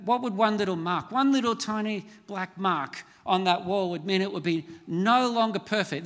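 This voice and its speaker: A man's voice: sits high, a bit bright, in a large hall. A middle-aged man preaching a sermon as a pastor, conversational and storytelling, with self-mocking asides. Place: large church hall.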